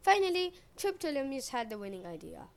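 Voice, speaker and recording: A woman's voice: sits high, big pitch swings, brisk. A woman retelling a myth in a casual, chatty way with joking asides. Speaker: podcast storyteller.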